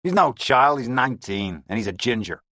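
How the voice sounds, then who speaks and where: A man's voice: mid-range voice, sing-song, moderate pace, pushed and bright, dry recording, studio quality, voice pushed up. A man voicing a surly, bullying gangster boss who snarls his curt, contemptuous lines. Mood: snarling.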